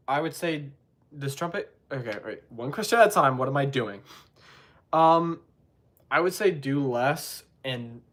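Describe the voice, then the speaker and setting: A man's voice: medium pitch, a bit bright. A young man answering trumpet questions on a live stream, in a rambling, self-deprecating way, singing syllables to show his points.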